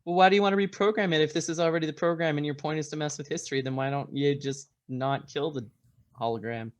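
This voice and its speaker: A player in a tabletop role-playing game gets excited talking in character. They restart their sentences often while they think out loud. Their voice sits at a middle pitch. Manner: excitable, restarts sentences, talks fast when pressed.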